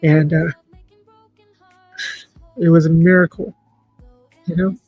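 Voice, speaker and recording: A man hosting a livestream in casual chat, talking in an emotional, halting, heartfelt way. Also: a little high, flat delivery, breathy edge, no room sound, phone-quality sound, soft background music. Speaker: livestream host.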